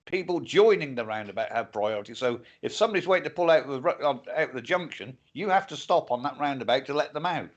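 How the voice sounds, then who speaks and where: A man's voice: mid-range voice, animated, fast, few pauses, dull audio. An older man co-hosting a casual livestream chat, rambling and plainspoken, with frequent swearing. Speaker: co-host.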